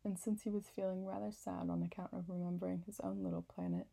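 Low husky woman reading a storybook. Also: level tone, quick pace, warm tone, low-quality recording. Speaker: audiobook narrator. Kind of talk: storybook narration.

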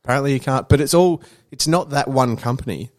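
A man in casual chat, blunt and sweary, clearing his throat now and then. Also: mid-range voice, fast talker.

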